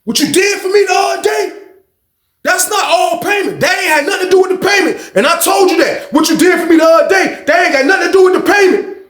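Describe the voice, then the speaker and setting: A man voicing a short, loud, menacing male inmate who shouts demands for money he is owed. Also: extremely high pitch, animated, normal speed, a faint crowd, voice pushed up, heavily acted. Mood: demanding. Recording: echoey room.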